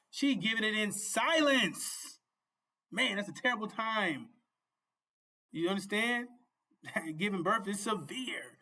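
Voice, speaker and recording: Male preacher-host, high ringing voice, fervent and repetitive, loose informal sermon with bursts of shouting. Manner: fervent, repetitive, often asks "You see?"; laughs and shouts at peaks.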